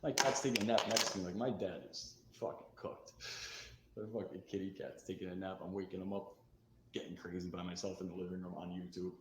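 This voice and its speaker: Fired-up, swearing man telling a rough story. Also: sits low, steady tone, fairly quick, reverberant, noisy background. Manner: fired-up, swearing, acts out shouted quotes. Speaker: storyteller of past addiction. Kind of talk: candid recovery storytelling.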